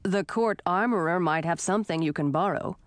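A woman's voice: fairly low pitch, brisk, dry recording, natural voice. A woman voicing a tournament herald who speaks in a matter-of-fact, lightly teasing way. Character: wry, unbothered male tournament herald.

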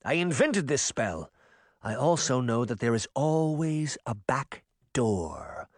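A man's voice: mid-range voice, very animated, slow, no room sound, studio quality. A man reading a storybook voices a cold, commanding former queen who speaks in a cool, clipped manner. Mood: stern. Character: icy, imperious female sorceress, a former queen. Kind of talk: audiobook character reading.

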